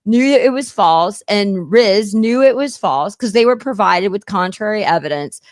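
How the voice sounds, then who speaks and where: Animated woman chatting, bone-dry sound. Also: mid-range voice, normal speed, no room sound. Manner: animated, laughs often while talking. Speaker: podcast co-host. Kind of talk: casual chat.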